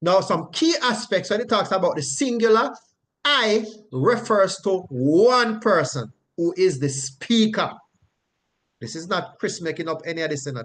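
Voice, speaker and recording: In this Bible study, the male teacher stays emphatic and repetitive, tossing in "right?" and chuckling often. His voice sits a little high with a fairly bright tone.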